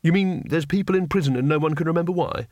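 A man's voice: on the high side, quick pace, darkish tone, dry recording, lightly acted. A man voicing a cowardly male wizard who talks in a dry, sarcastic, exasperated way.

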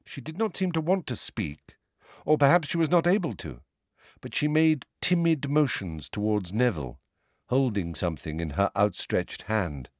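A man giving a measured, expressive audiobook narration. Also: medium pitch, dry recording, clean studio sound.

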